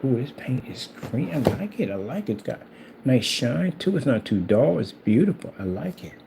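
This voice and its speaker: A man's voice: mid-range voice, big pitch swings, normal speed, creaky, mellow, a little hiss or hum. A man hosting his own channel, talking casually and teasingly in a rambling, repetitive way while he paints at home. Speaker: channel host. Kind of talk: casual trash-talking monologue.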